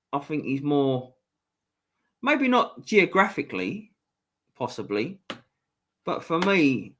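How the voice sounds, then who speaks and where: An East London man with a Cockney accent rambles casually through a fan livestream, reading the chat aloud. His voice is medium-pitched and fairly bright, and he's chatty, keeps restarting, and swears offhandedly.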